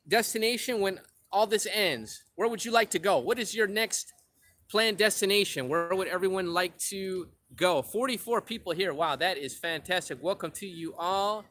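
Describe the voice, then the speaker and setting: Upbeat high-voiced man streaming live outdoors. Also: sharp tone, no room sound. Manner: upbeat, effusive, thanks viewers over and over. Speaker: travel vlogger hosting a live chat. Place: outdoors at a seaside port.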